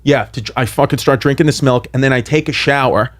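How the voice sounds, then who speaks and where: A man, telling a wild story on a podcast in an animated, profane way. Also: mid-range voice, a little fast. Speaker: comedian guest.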